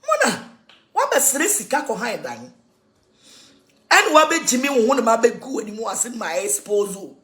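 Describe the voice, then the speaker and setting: A woman with a Ghanaian accent in an animated, mocking rant, laughing mid-sentence and switching between languages. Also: fairly high pitch, moderate pace.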